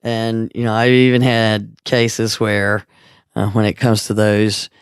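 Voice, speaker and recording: A man co-hosting a podcast, talking in a relaxed, drawling way with frequent asides. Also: on the low side, slow pace, smooth, no room sound, studio quality. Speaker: podcast co-host. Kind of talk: casual chat.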